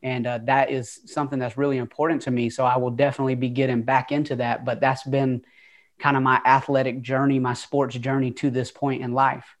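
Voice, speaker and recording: A man's voice: medium pitch, little pitch movement, brisk. A young man with a Southern twang tells his own story as an interview guest. He speaks openly and earnestly, with casual fillers, in an everyday mid-range voice. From Atlanta, USA. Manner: open, earnest, conversational with fillers.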